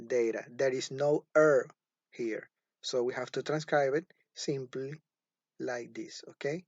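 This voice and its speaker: A man teaching a recorded phonology lesson, speaking slowly and deliberately and repeating each example word several times. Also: mid-range voice, fairly even intonation, no echo. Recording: dull, dry lo-fi recording.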